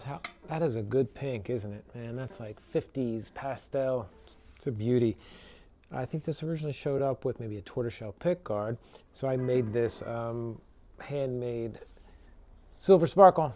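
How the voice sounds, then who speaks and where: A man with a medium-pitched voice demos a guitar in casual product-demo talk. He's relaxed and chatty, full of fillers and tag questions, with electric guitar playing in the background.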